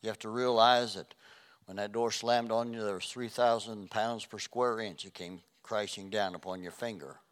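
A middle-aged man preaching a sermon, swinging between loud emphatic passages and soft, hushed ones. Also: on the low side, fairly even intonation, normal speed, clean tone.

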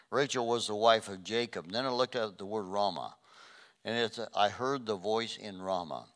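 A middle-aged man at a medium pitch preaches a sermon, moving between loud, emphatic stretches and soft, hushed ones.

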